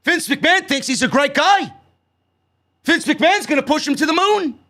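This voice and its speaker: A man's voice: very high-pitched, animated, normal speed, bright, forceful tone. A man from New York casually recapping a wrestling show, blunt, sarcastic and given to swearing.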